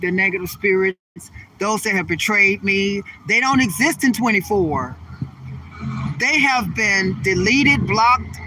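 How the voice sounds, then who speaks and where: A man's voice: sits high, sharp tone. A man vlogging while he walks outdoors, talking casually to his viewers in a sassy manner. He calls them honey and baby and draws out emphatic phrases. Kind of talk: casual walking vlog talk to viewers. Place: outdoors on a street. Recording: distant mic, faint street noise.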